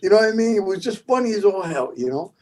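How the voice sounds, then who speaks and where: A middle-aged guest percussionist from the Bronx, with a New York accent, tells stories in a casual interview. His voice sits high and he talks fast, animated and swearing while acting out other people's voices.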